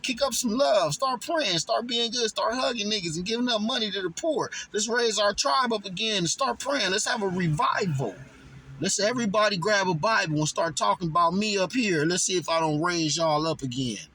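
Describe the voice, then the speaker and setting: A man's voice: high-pitched, normal speed, bright, forceful tone, a little hiss or hum, pitched above the performer's own voice, rough recording. A man voicing God as a brash, casual male deity who coaxes people to praise him, in a boastful, slangy way. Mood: coaxing boastful.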